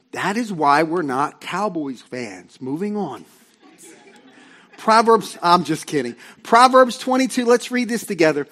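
A male pastor delivering a sermon in a relaxed, storytelling way. His voice sits high for a man, and he keeps turning to the congregation with quick asides and questions.

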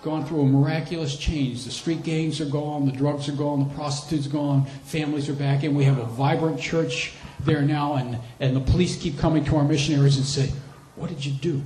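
A man's voice: a little high, fairly even intonation, fairly quick, few pauses, darkish tone, reverberant, slight background noise, low-quality recording. A man preaching a sermon as a missionary, telling stories with animation and repeating phrases for emphasis. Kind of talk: sermon with storytelling.

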